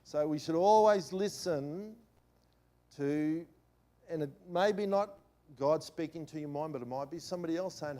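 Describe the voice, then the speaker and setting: Man, middle-aged, pastor, sermon story, higher-pitched voice, animated, loud and quiet by turns. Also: moderate pace. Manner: animated anecdote-telling with swings in loudness.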